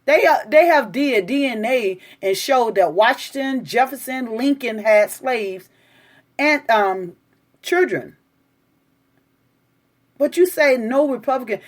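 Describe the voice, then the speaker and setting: A woman's voice: on the high side, expressive, slow. A woman doing live-stream commentary, reacting to the news and arguing back at her viewers' comments in an indignant, lecturing way.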